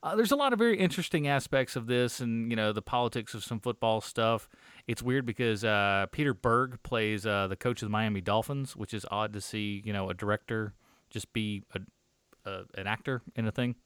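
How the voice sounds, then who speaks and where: A man's voice: lowish voice, moderate pace, fairly bright tone, clean tone, dry recording. A man co-hosting a movie review podcast, chatting casually in a rambling way, with lots of swearing and fillers. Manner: rambling, profane, filler-heavy. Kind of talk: casual chat.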